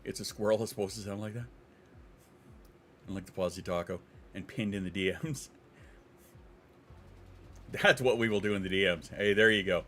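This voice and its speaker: A man's voice: lowish voice, normal speed, long pauses, a bit bright. A man hosting a casual livestream, rambling and joking with plenty of profanity. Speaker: livestream host.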